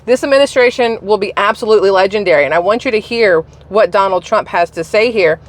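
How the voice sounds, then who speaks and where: A woman's voice: mid-range voice, fast. A woman vlogger giving casual political opinion commentary, chatty and sarcastic, firing off rhetorical questions.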